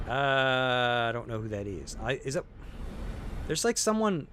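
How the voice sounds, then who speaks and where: Middle-aged male streamer, casual game chat, lively swinging pitch, self-mocking and rambling. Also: normal speed, noisy background. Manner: chatty, rambling, self-deprecating, cheering on the game. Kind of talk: casual gameplay commentary.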